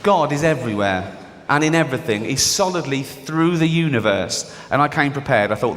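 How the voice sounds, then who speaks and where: A man's voice: medium pitch, expressive, fairly quick, fairly bright tone, in a large hall. A middle-aged Englishman with an English accent doing a mocking stand-up comedy routine. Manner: mocking, sardonic, acts out characters in the bits.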